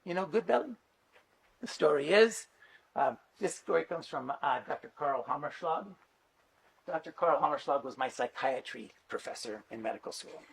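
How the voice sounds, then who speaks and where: A man's voice: a little high, moderate pace, vocal fry, slight background noise. A middle-aged man giving a conference talk, telling stories in a chatty way with lots of fillers. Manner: animated, chatty storyteller with many fillers. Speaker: conference speaker and teacher.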